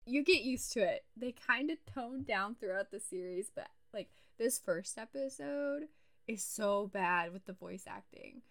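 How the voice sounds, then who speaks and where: A woman's voice: medium pitch, animated, a little slow, creaky, a bit bright. A young adult woman co-hosting a podcast in casual chat, blunt, sarcastic and emphatic. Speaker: podcast co-host.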